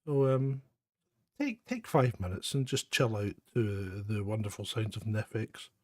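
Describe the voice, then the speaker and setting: A man's voice: lowish voice, expressive, unhurried, a little mellow, no room sound, studio quality. A Scottish man hosting a live phone-in stream, chatting in a rambling, self-mocking way with chuckles. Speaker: host of a live phone-in show. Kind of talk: casual live-stream chat.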